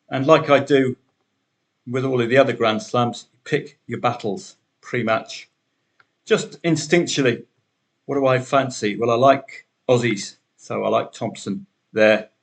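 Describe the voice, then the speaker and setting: A man's voice: mid-range voice, unhurried. A man hosting a solo betting podcast, talking through the day's matches in a chatty way with wry asides.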